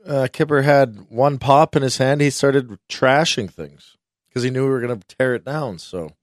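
A man's voice: medium pitch, moderate pace, dry recording, clean studio sound. A man co-hosting a radio show, telling a rambling party story and fumbling for words. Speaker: radio co-host. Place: radio studio.

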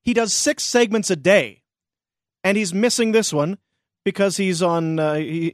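A man hosting a morning radio show, his voice sitting a little high and recorded dry and close in the studio. He teases his co-hosts in loose, joking banter. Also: unhurried, dry recording. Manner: teasing, dry humor.

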